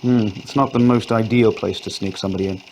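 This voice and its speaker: A man's voice: lowish voice, steady tone, fast, a little mellow, slight background noise, natural voice. A man as a weary, patient police inspector. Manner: patient, questioning.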